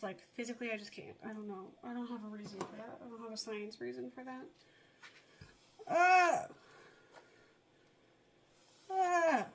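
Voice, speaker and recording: A woman's voice: on the high side, slight background noise. Rambling woman muttering to herself. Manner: rambling, self-mocking, muttering asides under her breath. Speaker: vlogger. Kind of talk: rambling casual vlog. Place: home, at a table.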